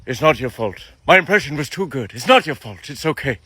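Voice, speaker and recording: A man doing an impression of an older famous comedian, gentle and reassuring, in a clip from a social video. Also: mid-range voice, animated, husky, voice pushed down. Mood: soothing. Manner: slow, gentle, reassuring delivery.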